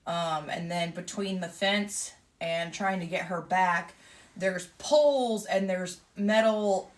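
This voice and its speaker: A woman, casually telling a lively story and acting out the exchanges she had along the way. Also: lowish voice, slow pace. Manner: lively, vivid retelling with quoted exchanges. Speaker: emu owner telling a story.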